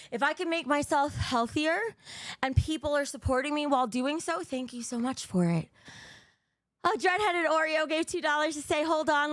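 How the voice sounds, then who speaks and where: A woman's voice: high-pitched, a bit bright, no room sound, clean studio sound. A young woman streaming live, talking bluntly and cursing as she reads out viewer donations, a little out of breath. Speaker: livestreamer. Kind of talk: casual livestream chat.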